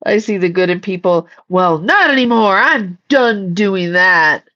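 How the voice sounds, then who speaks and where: A woman's voice: mid-range voice, animated, a little slow, pushed and bright, lo-fi sound. A woman casually chatting on a livestream, blunt and swearing freely while reading the chat and shooing her cat.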